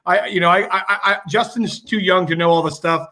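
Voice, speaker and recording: A man's voice: sits high, steady tone, fairly quick, sharp tone. A man guest on a casual video-call chat, talking in a rambling way with many fillers and restarts. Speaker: guest bowler.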